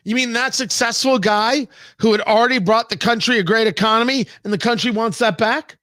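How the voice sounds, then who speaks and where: High, bright-voiced sarcastic male talk host. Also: normal speed, no echo, clean studio sound. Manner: sarcastic, mocking, emphatic. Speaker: radio talk show host. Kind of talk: opinion commentary monologue. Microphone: studio microphone, live-streamed show.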